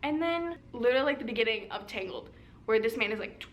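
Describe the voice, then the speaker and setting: A young woman vlogging from home about the book she is reading. Her voice sits a little high and she talks in a loose, animated way, full of "like" and quick asides. A faint hum of the room sits behind her. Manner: chatty and animated, lots of "like" and laughs. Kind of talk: casual reading vlog.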